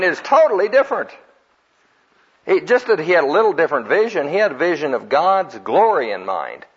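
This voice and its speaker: Male preacher, husky, folksy storyteller, lo-fi sermon tape. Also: fairly high pitch. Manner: folksy storytelling, acts out quotes, laughs at own jokes. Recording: dull lo-fi recording.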